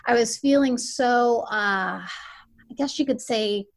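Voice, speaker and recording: A woman's voice: fairly high pitch, takes it slowly. Earnest, reflective woman editor. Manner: earnest and reflective, occasionally stumbling over words. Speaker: newspaper editor. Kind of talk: conversational interview answers.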